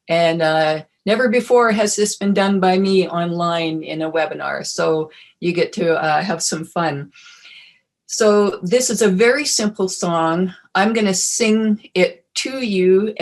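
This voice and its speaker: Slow-speaking woman webinar presenter. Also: fairly low pitch. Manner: casual and friendly, with fillers and self-interruptions. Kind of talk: relaxed teaching talk.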